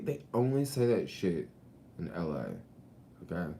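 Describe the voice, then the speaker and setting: Outdoors at a beach, a man vlogs in a laid-back, slangy, rambling way, swearing and laughing often. His voice sits low and sounds animated, unhurried and a little mellow, with slight background noise.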